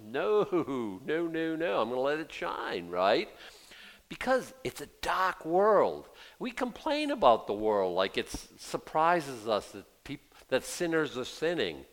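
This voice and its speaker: A man's voice: on the high side, fairly bright tone. An older man in his sixties preaching a sermon in a conversational way, acting out quotes in little voices. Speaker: pastor.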